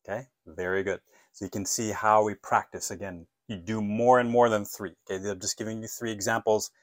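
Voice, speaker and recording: A man teaching an English lesson, modeling phone phrases clearly and patiently asking listeners to repeat after him. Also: on the low side, steady tone, a little fast, no echo.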